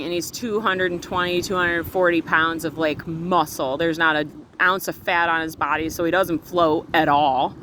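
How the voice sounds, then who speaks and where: Earnest woman vlogger on a windy beach. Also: fairly low pitch. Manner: earnest, emotional, talks fast with run-on retelling. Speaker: spiritual vlogger. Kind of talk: casual storytelling to camera. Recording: wind and surf noise outdoors.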